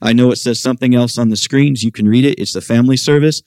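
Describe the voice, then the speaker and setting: A middle-aged man preaches to his congregation with lively, expressive delivery. His voice sits at an ordinary pitch and jumps higher when he acts out questions. The sound is close and dry, with little room echo. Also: fast. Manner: animated preaching, voicing quoted questions in a raised pitch. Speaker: pastor. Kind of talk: sermon. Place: church service.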